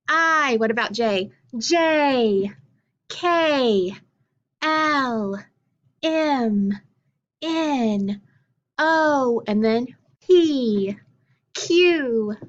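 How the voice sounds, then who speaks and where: A woman teaching a phonics lesson, drilling letters and sounds slowly and deliberately, one at a time. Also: high-pitched. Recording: dull lo-fi recording.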